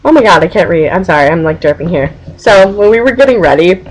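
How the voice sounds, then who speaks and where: A young woman in her college years talks straight into her webcam, chatty and a little scattered as she recaps things for her team. Her voice sits on the lower side, and she drifts into giggles and restarts. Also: lively intonation, fast talker, low-quality recording. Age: young adult. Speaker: Quidditch team captain. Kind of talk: casual webcam vlog.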